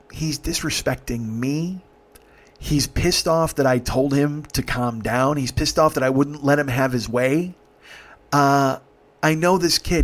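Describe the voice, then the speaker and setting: A male comedian telling a story, exasperated and swearing freely. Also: fairly high pitch. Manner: profane, exasperated.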